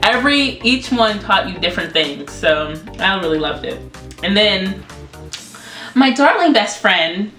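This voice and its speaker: A young woman speaking casually at a moderate pitch, often rushing and stumbling over her words. Her voice bounces around an echoey room, with faint music in the background. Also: animated, fairly bright tone. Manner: quick, halting, self-conscious talk. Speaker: vlogger. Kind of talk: casual chat.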